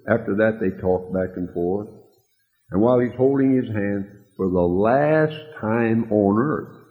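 A male preacher telling a story in a sermon, slow and tender, dropping to a hush for quoted words. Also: lowish voice. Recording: tinny, phone-like, with a long hall echo.

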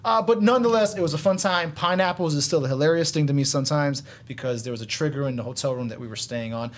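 A young man casually telling a long story among friends, animated and laid-back, with drawn-out asides. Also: a little high. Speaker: guest storyteller.

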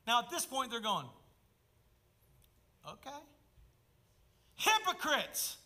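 Bright, forceful preaching pastor. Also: male voice, sits high, lively intonation, measured pace. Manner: emphatic preaching with sudden loud bursts and hushed asides. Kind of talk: sermon.

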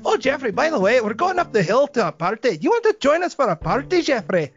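A man voicing drunk, rowdy Scottish street hooligans who shout threats and then turn sloppily friendly. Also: very high voice, sing-song, quick pace, dull audio, pitched above the performer's own voice, full character voice. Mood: drunkenly friendly.

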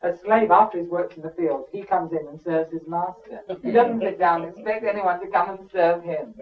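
A man's voice: high voice, normal speed. A man preaching a sermon in an emphatic, conversational way, with frequent asides to the listeners. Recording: dull sound from a distant mic.

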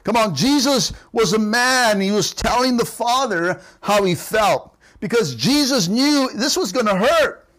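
A high-pitched male pastor preaching a streamed sermon. He exhorts his congregation, asking them again and again to respond and say amen, and retells the story with emphatic repetition. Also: fairly bright tone. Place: church service streamed online.

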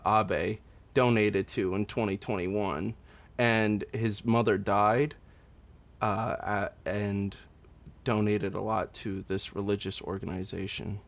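A man co-hosting a casual news chat, animated and opinionated. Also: on the low side.

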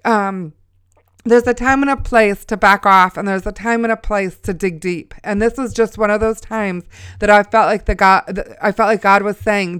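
Middle-aged woman, smooth voice, earnest Christian storyteller who exhorts listeners. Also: mid-range voice, fairly even intonation, normal speed, fairly bright tone, dry recording, studio quality. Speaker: mother sharing a faith testimony.

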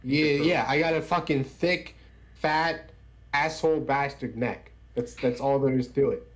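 A man's voice: medium pitch, unhurried. A man co-hosting a podcast, joking around in profane banter. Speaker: podcast co-host. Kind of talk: casual chat.

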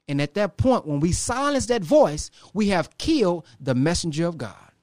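Male motivational speaker, high voice, dry close mic, preacherly with dramatic pauses. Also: very animated, a little mellow, dry recording. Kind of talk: motivational talk to a live audience.

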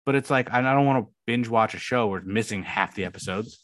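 A man's voice: mid-range voice, fast, fairly bright tone. A man co-hosting a podcast, grumbling in an annoyed, sighing way during casual chat. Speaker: podcast co-host.

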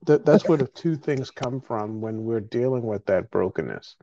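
Middle-aged guy hosting a podcast, rambles and restarts a lot, average pitch, kinda muffled audio. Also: animated, normal speed, mellow, a little hiss or hum. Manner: rambling, emotional, frequent restarts. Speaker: podcast host. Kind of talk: casual conversation.

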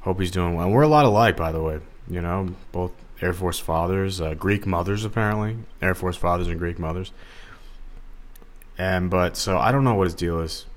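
A man's voice: deep voice, moderate pace. A man hosting a solo podcast, talking in a rambling, digressive, casual way with lots of fillers. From Los Angeles area. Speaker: podcast host.

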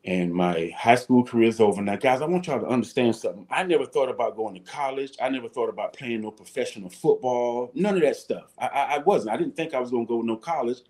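Man, 50s, mid-pitched, guest storyteller, animated, swears easily. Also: fast talker, hardly any pauses. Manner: animated, swears casually, acts out voices. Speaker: guest, former football player. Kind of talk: casual storytelling.

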